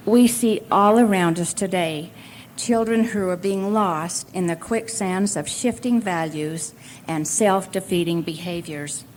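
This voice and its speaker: A woman's voice: mid-range voice, a little mellow, slight background noise. An older woman giving a speech at a convention, telling homely family anecdotes in a folksy storytelling manner. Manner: folksy storytelling with occasional laughs. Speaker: convention speaker. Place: convention hall at a college.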